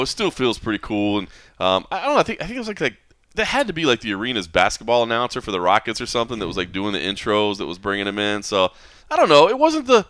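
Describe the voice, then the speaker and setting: A man hosting a podcast in casual chat, lively and rambling, with plenty of fillers and restarts. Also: lowish voice, dry recording. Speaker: podcast host. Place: hotel or venue room.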